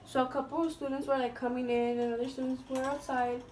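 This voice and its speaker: A woman's voice: high-pitched, flat delivery, fast, darkish tone, a little hiss or hum. A young woman vlogger chatting through a storytime, swearing freely, leaning on "like" and dropping Spanish slang. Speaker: beauty vlogger telling a story. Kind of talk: casual storytime monologue. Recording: voice a bit distant from the mic.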